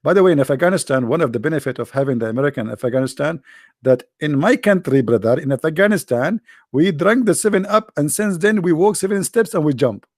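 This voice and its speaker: A man's voice: a little high, lively intonation, brisk, darkish tone, no room sound, studio quality. A man with joking and rambling in a teasing voice chat. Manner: teasing, rambling, non-native phrasing. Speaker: chat room speaker.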